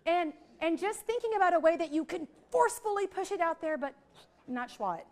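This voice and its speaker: A middle-aged woman, leading a lively, chatty teacher training workshop for a group in a training room. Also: very high-pitched, a little fast. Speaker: literacy trainer.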